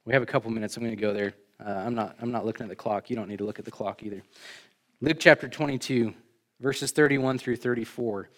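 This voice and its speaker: A male pastor delivers a sermon in a conversational, emphatic way. His voice sits at an ordinary middle pitch, climbing sharply for the key points and sinking quietly afterward, with casual asides to the congregation. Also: steady tone, quick pace. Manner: emphatic, rising for stresses, then dropping low.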